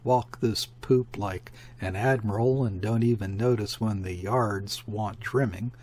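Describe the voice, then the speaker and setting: A man voicing a gruff, uneasy ship captain who speaks sharply and growls his orders. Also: fairly low pitch, a little slow, darkish tone. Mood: grumbling.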